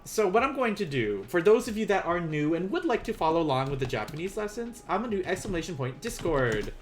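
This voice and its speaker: A man's voice: on the high side, a bit bright, a little hiss or hum. A young man teaching a casual beginners' language lesson on a live stream, playful and chatty, often laughing at his own asides.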